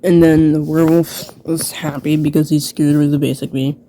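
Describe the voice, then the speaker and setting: A woman's voice: low-pitched, flat delivery, moderate pace, mellow, a little hiss or hum. A woman giving self-mocking, rambling casual commentary as she reviews an old book she wrote as a child, full of "like" fillers. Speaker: video creator.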